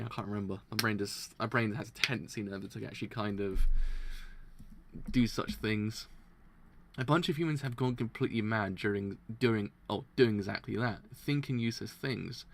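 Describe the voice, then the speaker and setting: Gravelly-voiced man reading and reacting. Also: lowish voice, a little fast, a little hiss or hum. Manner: stumbles and restarts over words while reading aloud; excitable, laughs often. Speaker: manga reaction host. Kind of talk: casual live reaction, reading aloud.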